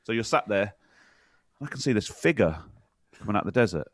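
A man on a podcast telling a story in a measured, scene-setting way. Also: on the low side, lively intonation, no echo, studio quality. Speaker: podcast co-host, former soldier. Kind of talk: casual storytelling chat.

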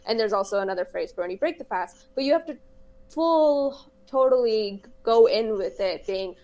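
A woman's voice: a little high, lively intonation, moderate pace, warm tone. A woman co-hosting a podcast, chatting casually and explaining things at length, laughing easily. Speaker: podcast co-host. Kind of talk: casual chat.

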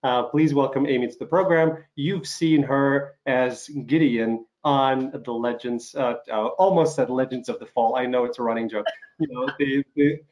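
A man hosting an interview show, recovering from an illness and coughing now and then, speaking haltingly with many fillers and restarts. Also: mid-range voice, steady tone, a little mellow. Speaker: talk show host. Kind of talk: casual interview chat.

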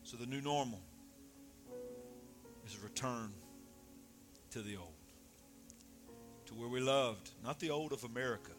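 A man preaching a sermon, dropping soft then shouting loudly. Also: mid-range voice, measured pace, pauses often, over music. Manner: animated, swings from soft to shouting. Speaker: pastor.

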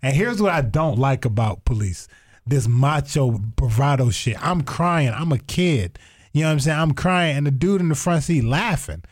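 A young man telling a story in casual chat, animated and profane, acting out other people's lines. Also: medium pitch, moderate pace. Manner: animated, profane, acts out voices in quotes. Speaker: storyteller guest.

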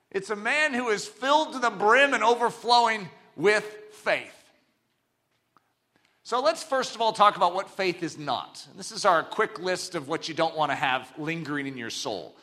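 A man's voice: high voice, bright, forceful tone. A man preaching a sermon, emphatic and full of rhetorical questions.

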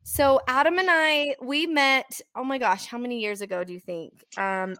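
A woman's voice: sits high, moderate pace, crowd noise. A woman hosting a casual interview, bubbly and enthusiastic. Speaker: host.

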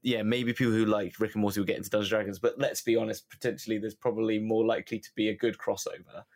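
A man's voice: on the low side, little pitch movement, racing, a little mellow. A man co-hosting a podcast, chatting casually and rambling with many fillers. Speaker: podcast co-host. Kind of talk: casual chat.

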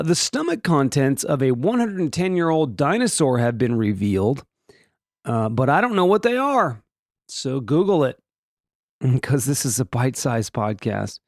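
A man's voice: on the high side, no room sound, clean studio sound. A man hosting a casual solo daily podcast, rambling and joking through the day's items with many restarts and asides. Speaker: podcast host.

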